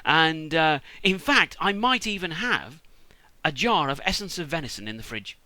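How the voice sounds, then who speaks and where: A man's voice: fairly high pitch, sing-song, moderate pace, pushed and bright, dry recording, full character voice. A British man voicing a shrewd, scheming mother who swears when her plan goes wrong. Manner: sweary, exasperated. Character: shrewd scheming mother, middle-aged woman.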